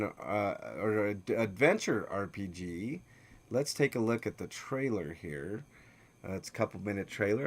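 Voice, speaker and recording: A man hosting a casual gaming news podcast, reading stories with lots of filler words and teasing his co-host. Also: lowish voice. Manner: reads game news with many filler "uh"s, teasing. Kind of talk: casual livestream news chat.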